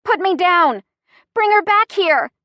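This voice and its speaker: Woman putting on a sassy pregnant young gal, dry jokes, higher voice, dry close sound. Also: animated, normal speed, no room sound, dull audio. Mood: shrieking. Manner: dry, joking under strain.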